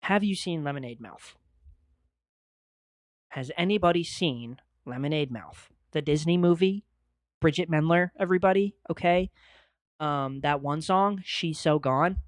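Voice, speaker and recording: Excitable, profane young man. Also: a little high, measured pace, no echo, clean studio sound. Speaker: podcast host. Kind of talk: casual podcast monologue. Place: home studio at a desk.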